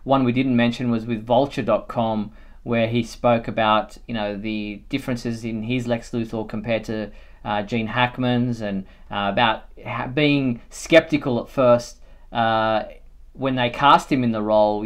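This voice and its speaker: A man's voice: mid-range voice, moderate pace. Man hosting a chatty fan show. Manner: relaxed, thinking aloud with many fillers. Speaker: host. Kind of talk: casual fan chat on a live show.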